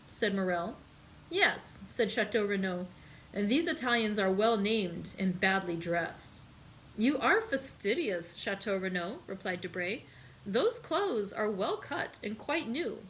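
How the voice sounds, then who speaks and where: A woman hosting a library read-aloud, reading a classic novel and lifting her voice for excited dialogue. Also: low-quality recording. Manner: voices characters with raised pitch in excited dialogue.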